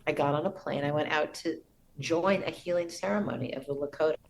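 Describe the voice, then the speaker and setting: A middle-aged woman, a podcast guest, telling a personal story in an earnest, reverent way with soft restarts. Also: low voice, a little fast, low-quality recording.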